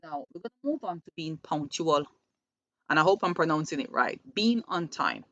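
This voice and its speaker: A woman with a fairly low voice talks earnestly to parents, often repeating a word before she finds her phrasing. Her voice comes across dull and lo-fi in a dry recording. She sounds like someone who works with children giving practical advice. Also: lively intonation, normal speed, fairly bright tone, no echo. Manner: earnest, repeats words when restarting. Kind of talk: advice talk.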